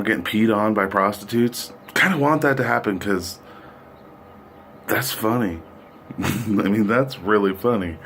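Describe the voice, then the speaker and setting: A man's voice: on the low side, fairly bright tone, a little hiss or hum. A middle-aged man hosting a podcast, delivering a profane, sardonic, rambling political rant. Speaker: podcast host. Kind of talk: ranting political monologue.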